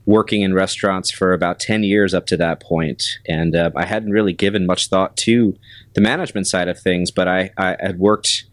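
Deep-voiced man telling a slow story. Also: fairly even intonation, no room sound. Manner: measured, many ums and pauses. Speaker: restaurant general manager, guest. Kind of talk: casual interview storytelling.

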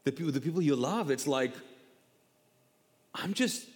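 A male pastor preaching a sermon and chatting with a co-host. He is animated, repeats himself and acts out quotes. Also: fairly high pitch, moderate pace, breathy edge. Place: church auditorium. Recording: long hall reverb.

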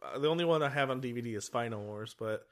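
Man excitedly recapping a film. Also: mid-range voice, fast talker. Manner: animated plot recapping, laughs often. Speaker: podcast co-host. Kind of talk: casual chat.

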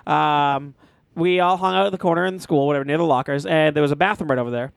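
Guy rambling through a crude story on a podcast, bit high voiced, dead dry sound. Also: quick pace, creaky, smooth, no echo. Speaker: podcast co-host. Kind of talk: casual chat.

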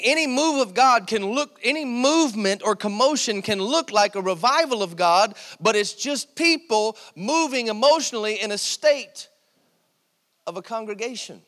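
A man with a high voice preaches to his congregation, often stopping to ask "Amen?" and pressing his points with "See,". The sound rings with a long reverb from the church sanctuary around him. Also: a bit bright. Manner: call-and-response preaching, repeated "Amen?" and "See,". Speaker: pastor. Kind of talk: sermon.

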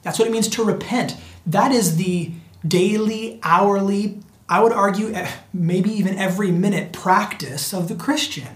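Preacher at mid pitch, earnest and repetitive, with hushed asides, in a roomy space. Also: normal speed. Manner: earnest, repetitive, often addresses listeners as friends. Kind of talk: sermon. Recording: echoey room.

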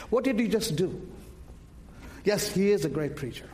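Impassioned high-voiced male preacher. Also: big pitch swings, measured pace. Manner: impassioned, calls out to the congregation. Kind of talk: sermon.

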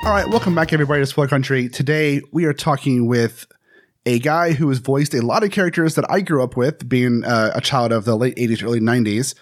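A man's voice: mid-range voice, a little fast, faint music behind. A man in his thirties hosting a podcast, an enthusiastic fan who laughs often. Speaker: podcast host. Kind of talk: casual podcast chat.

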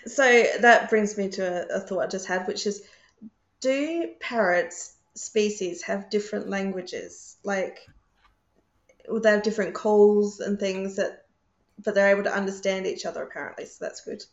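A woman's voice: mid-range voice, moderate pace. Woman host on an echoey, lo-fi mic. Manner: brief encouraging back-channel replies. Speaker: podcast host. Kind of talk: casual interview chat. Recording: echoey, dull lo-fi sound.

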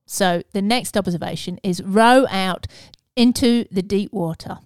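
A woman's voice: mid-range voice, a little slow, no echo. A woman preaching a casual devotional message in an earnest, conversational way, with fillers and restarts.

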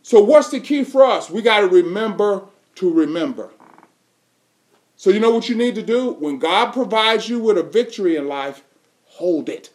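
This sermon comes from a male preacher with a high voice and darkish tone. Emphatic throughout, he reads scripture aloud in King James language and quizzes the congregation with fill-in questions.

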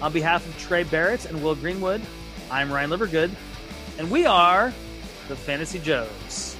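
A man hosting a fantasy sports podcast in casual chat, wrapping up the show with a brisk, upbeat sign-off. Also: on the high side, lively intonation, over music. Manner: upbeat, brisk host read of the outro. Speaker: podcast host.

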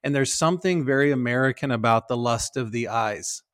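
Male pastor co-host, earnest with playful jabs, halting delivery. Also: mid-range voice, a bit bright, clean tone. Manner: earnest, stumbles and restarts, playful teasing. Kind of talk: casual chat.

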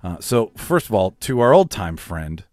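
A man with a lowish voice hosts a casual podcast, swinging his pitch all over as he talks. He is loose and profane and laughs often. The sound is dry and close. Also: sing-song, moderate pace, darkish tone, dry recording. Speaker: podcast host.

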